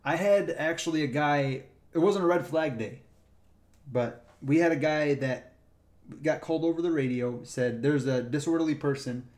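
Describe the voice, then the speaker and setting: A man's voice: fairly high pitch, moderate pace. A man who works as a park ranger, casually telling stories from the job and acting out the people in them. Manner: animated retelling, acts out the people in his stories. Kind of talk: casual storytelling chat.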